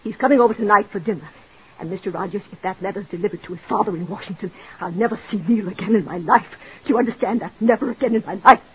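An actress playing a desperate jealous wife. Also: female voice, mid-range voice, fast, slight background noise, natural voice. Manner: pleading, overwrought, breathless. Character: desperate jealous married woman, Mrs. Bradley. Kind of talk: 1940s radio drama acting. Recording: dull old radio recording.

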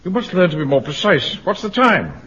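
A pompous commanding captain. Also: male voice, high-pitched, sing-song, brisk, a bit bright, breathy edge, full character voice. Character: pompous middle-aged male platoon captain. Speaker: officer. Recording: dull lo-fi radio recording.

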